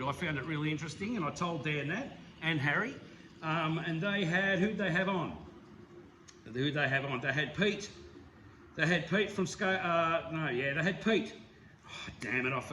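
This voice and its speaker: A man with an Australian accent hosting a casual, rambling roundup of hobby channels, enthusiastic and quick to laugh. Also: fairly high pitch, bright, forceful tone, slight background noise. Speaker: slot car hobby channel host.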